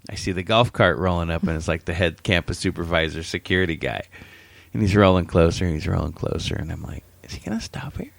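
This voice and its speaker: A man's voice: low-pitched, fairly quick, gravelly, a bit bright, dry recording. A man co-hosting a podcast, telling a funny story from work in a jokey, casual way, swearing and acting out the people in it. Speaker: podcast co-host.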